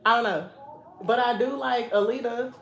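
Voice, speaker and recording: A young woman hosting a casual live stream. She reads viewers' comments aloud and tells stories in an animated way, laughing often. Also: fairly high pitch, normal speed, slight background noise.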